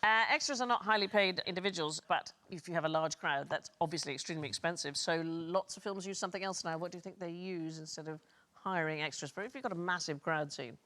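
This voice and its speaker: A woman's voice: fairly low pitch, quick pace, sharp tone. A woman hosting a comedy quiz panel, telling odd stories in a dry, wry way. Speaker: quiz show host.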